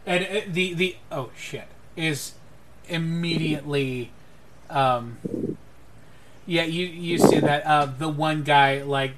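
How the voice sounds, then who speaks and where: A man's voice: a little high, takes it slowly, slight background noise. A man narrating a tabletop game as game master, rambling with fillers and restarts.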